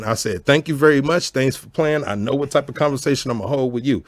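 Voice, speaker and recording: A man in his own easygoing storytelling voice, sitting at a middle pitch, heard close and dry with no room around him. He swears freely, laughs often, and keeps asking whether the listener follows him. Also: fast, few pauses, no room sound. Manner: animated, profane, laughs often, keeps asking "you know what I'm saying". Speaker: storyteller host. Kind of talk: casual storytelling chat.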